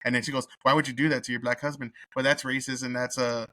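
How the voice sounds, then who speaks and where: Give me a man from Texas ranting bluntly about a movie, swearing often in a bright, dry voice. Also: medium pitch, level tone, fast, dry recording. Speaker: movie reviewer host. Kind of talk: casual profane review rant.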